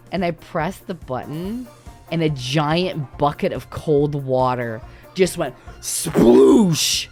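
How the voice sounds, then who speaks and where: A woman livestreamer telling a story in a casual way, laughing often and swearing freely. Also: medium pitch. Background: faint background music.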